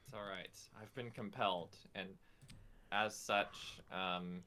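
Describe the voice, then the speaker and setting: A man's voice: lowish voice, fairly even intonation, takes it slowly, pushed and bright, a little hiss or hum. A man playing in a tabletop role-playing game, speaking in a rambling, hesitant way. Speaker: player. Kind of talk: casual tabletop play.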